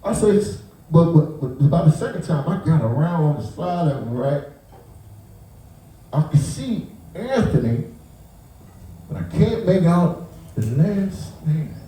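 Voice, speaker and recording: The uncle of a victim, a man with a voice on the high side, tells an emotional story at an unhurried pace with long pauses. He's animated, acting out the scene while stumbling, restarting and repeating words. The recording is very echoey, and his voice is picked up from far away.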